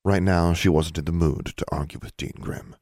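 A man calmly narrating an audiobook. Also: low-pitched, moderate pace, no echo, clean studio sound. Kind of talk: scripted narration.

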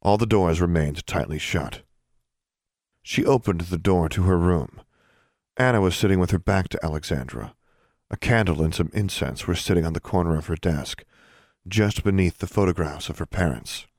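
A man narrates an audiobook with steady, even storytelling. His voice is very deep. The sound is bone dry, with no room around it. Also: moderate pace, no room sound. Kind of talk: scripted narration.

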